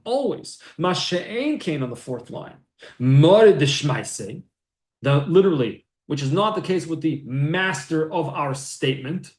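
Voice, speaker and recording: A man's voice: a little high, darkish tone. A man teaching a Torah class, reading and explaining sources aloud and asking and answering his own questions. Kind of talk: text-based Torah class. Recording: echoey room.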